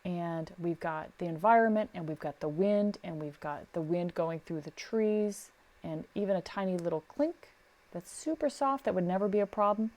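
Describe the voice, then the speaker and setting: Middle-aged woman, podcast co-host, casual advice chat, animated storytelling. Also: lowish voice, moderate pace. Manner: animated storyteller, acts out quotes. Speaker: podcast co-host, sound recordist.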